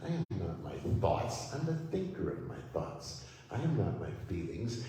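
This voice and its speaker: A man preaching a sermon at a spiritual center, speaking slowly and gently with many pauses as he leads affirmations. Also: sits low, very animated. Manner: slow, gentle, pausing preacher leading affirmations. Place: church hall. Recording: echoey hall, mic from far off.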